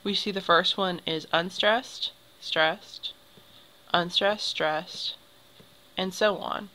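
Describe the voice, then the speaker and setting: A woman's voice: on the low side, steady tone, takes it slowly, pushed and bright, low-quality recording. A young woman teacher explaining poetry to a class, patient and step by step. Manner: explains patiently, draws symbols while talking.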